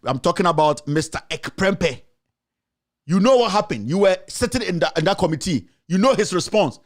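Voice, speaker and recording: A man's voice: high voice, expressive, moderate pace. A Ghanaian man, a journalist and show host, giving heated political commentary, firing off accusing rhetorical questions.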